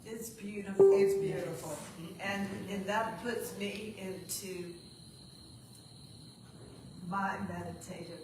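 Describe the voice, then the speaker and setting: An audience member speaks softly and slowly, heard far from the mic. The room echoes heavily, and there is clear background noise. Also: medium pitch, fairly even intonation.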